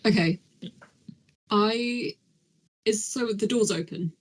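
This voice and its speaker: A woman's voice: medium pitch, takes it slowly. A woman playing a tabletop game, thinking aloud casually about her moves. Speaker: player. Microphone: podcast mic.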